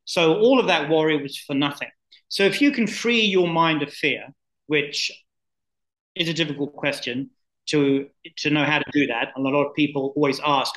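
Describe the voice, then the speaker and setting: A man's voice: fairly high pitch, normal speed, fairly bright tone, poor audio. A man co-hosting a podcast, thinking aloud and rephrasing his points as he goes. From New Jersey, USA. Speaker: co-host. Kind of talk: reflective podcast discussion.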